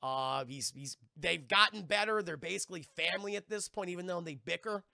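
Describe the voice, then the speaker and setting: Male streamer, profane rambling recap, sharp tone, dry close sound. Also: high-pitched, gravelly, no room sound. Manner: profane, rambling, keeps addressing chat; acts out quoted lines in quick voices. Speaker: streamer reviewing a TV episode. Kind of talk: casual livestream recap.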